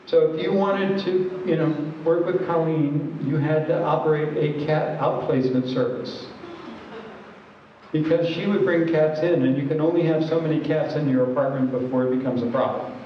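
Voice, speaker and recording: A man's voice: fairly high pitch, fairly even intonation, moderate pace, slight background noise. A man giving a training presentation, telling a story in a conversational, wry way. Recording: echoey hall from far off, dull lo-fi.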